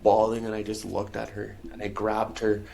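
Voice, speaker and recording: A man's voice: lowish voice, completely flat delivery, moderate pace, gravelly, dark tone, a little hiss or hum. A man guest on a podcast, telling his story in a candid, heartfelt, casual way and calling the host bro and man. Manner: calls the listener bro and man constantly. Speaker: podcast guest, musician and speaker.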